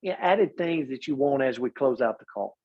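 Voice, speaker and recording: A man's voice: mid-range voice, lively intonation, moderate pace. Rallying man on a dull call. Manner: rallying, asks questions of listeners. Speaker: host of a business call. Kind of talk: motivational call hosting. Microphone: video call.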